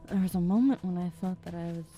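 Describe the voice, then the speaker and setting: A woman voicing a shaken young woman who stammers in halting phrases while reading a game's dialogue aloud. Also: lowish voice, warm tone, muffled recording, close to an everyday voice.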